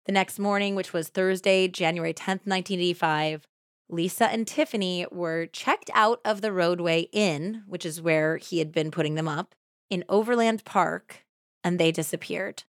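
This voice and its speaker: A woman with a fairly low voice recounts a true crime case for her podcast. She talks casually and jumps up in pitch when she acts out what people said. The sound is dry and close, with no room around it. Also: moderate pace, dry recording. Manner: conversational, animated when acting out quotes. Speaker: podcast host.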